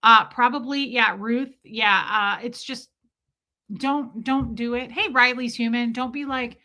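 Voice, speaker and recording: Speaking unhurriedly in a fairly high voice, this American livestream host chats casually with her viewers. Her delivery is animated and emphatic, with mock accents thrown in.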